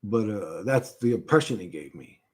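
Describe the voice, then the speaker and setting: A man talks in a loose, rambling way, his sentences breaking off and starting again. He swears freely, pauses to gather himself, and reads comments aloud in the same relaxed voice. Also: lowish voice. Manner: halting, swears often, trails off and restarts. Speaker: streamer recounting a vision. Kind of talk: rambling casual monologue, reading chat.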